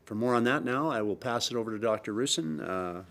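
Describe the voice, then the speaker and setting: A middle-aged man with a Canadian accent, giving a measured, emphatic government press briefing statement with frequent pauses. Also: medium pitch, animated, vocal fry, a bit bright. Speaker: provincial premier.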